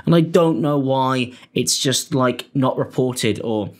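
A man's voice: mid-range voice, slow. A young British man giving blunt, sweary, exasperated commentary as the host. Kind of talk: angry commentary.

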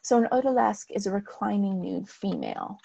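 A woman's voice: medium pitch, brisk, gravelly, dark tone, breathy edge, lo-fi sound. A woman lecturing on art history over slides, explaining in a plain way with frequent "um" and "right".

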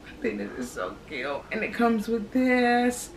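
A woman's voice: fairly high pitch, very animated, measured pace. Woman in her thirties, pregnant, slightly breathless, chatty y'all talk, echoey room, noisy background. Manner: chatty, addresses viewers as y'all. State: heavily pregnant, a bit out of breath. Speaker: vlogger, expectant mother. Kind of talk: casual pregnancy update. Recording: echoey home room, distant camera mic.

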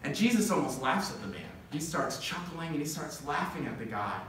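A young man preaching a sermon, telling a parable with quick laughs and building to impassioned lists. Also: on the high side, big pitch swings, fairly bright tone, slight background noise. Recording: echoey room, distant mic.

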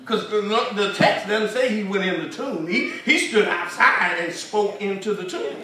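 High-voiced preacher in echoing church. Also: male voice, lively intonation, normal speed. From Texas. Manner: folksy storytelling building to shouted preaching. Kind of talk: storytelling sermon. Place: church sanctuary. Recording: echoey hall from far off with congregation.

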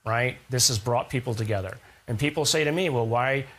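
A man's voice: mid-range voice, brisk, a bit bright, slightly rough. A man being interviewed as a scientist guest, explaining ideas through analogies and rhetorical questions in a thoughtful, conversational way.

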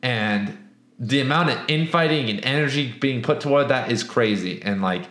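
A young man talks through a book review in a loose, rambling way, swearing freely and restarting his sentences as he goes. His voice sits at a middle pitch. The room around him rings with noticeable echo. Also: moderate pace. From US West Coast. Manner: animated, profane, rambling with restarts. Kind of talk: casual book review and storytelling. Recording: echoey room.

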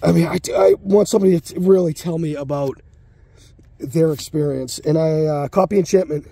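A man's voice: a little high, brisk, vocal fry, mellow, no room sound. A sick man talking casually and a bit crudely as he opens card packs at home, breathing hard and short of breath. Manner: rambling, crude, muttering under his breath. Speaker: card-opening channel host. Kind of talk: casual pack-opening commentary. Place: home basement room.

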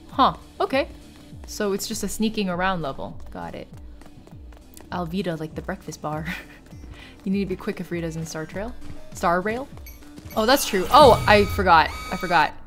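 A woman streaming a game, chatting casually, thinking out loud and reading game text aloud. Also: on the low side, normal speed, pauses often, faint music behind. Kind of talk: casual live-stream chat.

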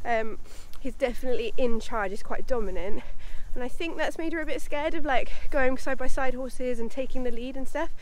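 A woman's voice: sits high, slight background noise. A woman vlogging casually outdoors at a horse yard, a little out of breath from walking, talking chattily to the camera and to her horses. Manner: chatty, talks to her horses in a fond baby voice. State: a bit out of breath from walking uphill. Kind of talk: casual vlog chat.

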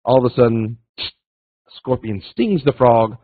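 This man has a mid-range voice with lively intonation and a measured pace as he guest-teaches a casual, folksy trading webinar. His stories feature acted-out little voices and repeated phrases, and the dry audio sounds tinny, like a phone.

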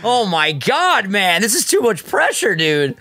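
A young man co-hosting a let's play, excitable and teasing in casual gaming banter. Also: high-pitched, unhurried, no room sound.

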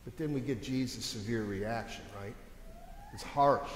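A male pastor with a mid-range voice preaches a little slowly, conversational yet emphatic, tossing rhetorical questions at his listeners. The recording comes from a church sanctuary with long, echoing reverb and slight background noise.

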